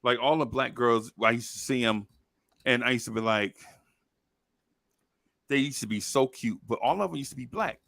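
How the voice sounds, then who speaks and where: A man's voice: mid-range voice, moderate pace, gravelly, pauses often, no room sound, studio quality. A middle-aged man, a podcast co-host telling childhood stories in casual chat and acting out the voices. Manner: animated storyteller, acts out voices loudly.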